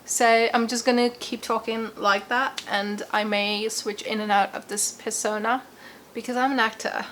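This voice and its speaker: A woman's voice: on the high side, fairly even intonation, moderate pace, fairly bright tone, a little hiss or hum. A woman with a put-on British accent, talking playfully and mocking herself in a casual vlog. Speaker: YouTuber.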